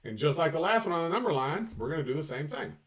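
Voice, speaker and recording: Lively, joking man teaching math. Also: fairly high pitch, fast talker, far from the mic. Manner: energetic, jokey, talks to viewers directly. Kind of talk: upbeat video math lesson.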